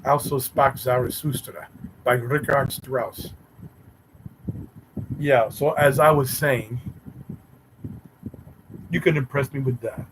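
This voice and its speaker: A man's voice: medium pitch, fairly even intonation, takes it slowly, long pauses, background noise. A man hosting a casual live stream, teasing and bantering sarcastically with his chat viewers.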